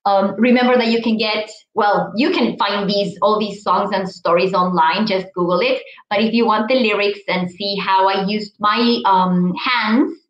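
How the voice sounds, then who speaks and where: A woman's voice: medium pitch, fairly even intonation, normal speed, few pauses, reverberant, highs cut off. A woman teacher trainer giving a webinar presentation, explaining step by step and checking in with "okay?" and "right?".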